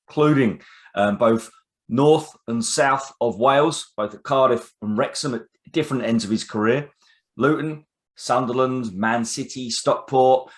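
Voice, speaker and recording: A man hosting a football podcast, talking casually with frequent pauses and fillers. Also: medium pitch. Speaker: podcast host. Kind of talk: casual interview.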